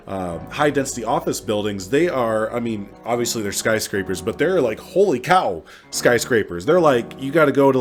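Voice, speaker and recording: A man with a cold, hosting a gaming channel, rambling casually with lots of ums and uhs. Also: mid-range voice. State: stuffed up from a cold. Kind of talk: casual gameplay commentary. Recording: faint music behind the voice.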